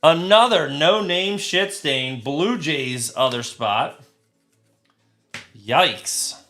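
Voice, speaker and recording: A man hosting a live trading card break, talking crudely and getting excited, shouting over big pulls. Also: a little high, extremely slow, soft background music.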